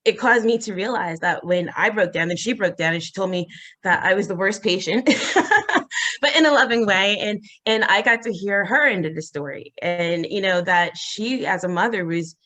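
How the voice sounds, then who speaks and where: A woman as an interview guest, telling a personal story in a halting, earnest way with many fillers and restarts. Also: bright, forceful tone. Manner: acts out quoted voices, rising high.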